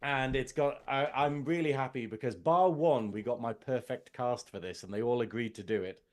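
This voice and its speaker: Casual Northern English male co-host, mid pitch, rambling and chatty. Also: moderate pace. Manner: chatty, laughs often, slightly rambling. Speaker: co-host, science officer. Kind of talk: casual podcast chat.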